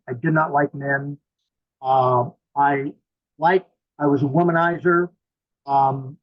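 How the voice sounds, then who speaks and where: Blunt storytelling man, slightly high voice. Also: lo-fi sound. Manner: blunt, animated storyteller acting out quotes. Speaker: guest, mystic. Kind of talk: storytelling interview.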